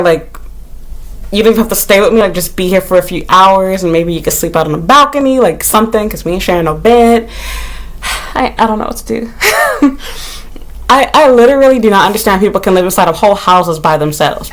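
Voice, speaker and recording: A woman talking casually to her vlog audience from her small apartment, rambling with lots of "like" and cursing freely. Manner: animated, rambling, heavy use of "like", swears freely; shrieks and jumps high when retelling her panic. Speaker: vlogger.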